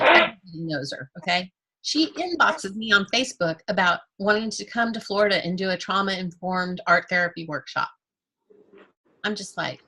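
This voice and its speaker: Woman teacher, bright and a touch raspy, chatty and joking with her class. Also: mid-range voice. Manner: candid and joking, with playful self-talk. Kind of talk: casual, chatty class talk.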